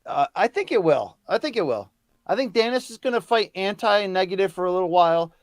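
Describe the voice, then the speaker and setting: A man's voice: high voice, animated, fairly quick, no echo, studio quality. A man co-hosting a live watch-along, teasing his co-host and prodding him with questions.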